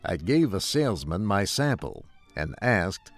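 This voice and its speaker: Brief: male storyteller, low voice, very slow, deliberate, learner-friendly narration. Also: big pitch swings, dry recording, faint music behind. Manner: measured, carefully enunciated.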